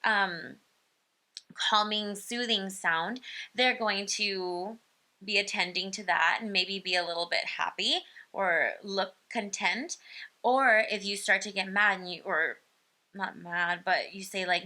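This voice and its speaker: Woman, parenting educator; slow, unhurried delivery, bright tone, casual with filler ums. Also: mid-range voice. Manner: explains slowly, many ums, imitates baby sounds. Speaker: speech-language educator. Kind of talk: informal parenting lesson.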